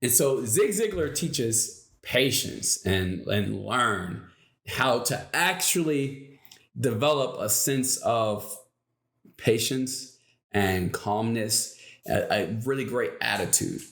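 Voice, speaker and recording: A man's voice: medium pitch, lively intonation, takes it slowly, a bit bright, echoey room. A man hosting a motivational channel, telling a story in a casual, rambling way and acting out the lines he quotes.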